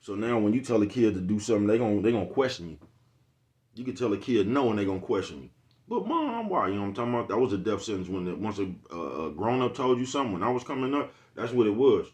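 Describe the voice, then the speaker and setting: A man's voice: lowish voice, fast, a little mellow. A man in a casual, rambling vlog monologue, cursing freely and asking "you know what I'm talking about" again and again. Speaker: vlogger.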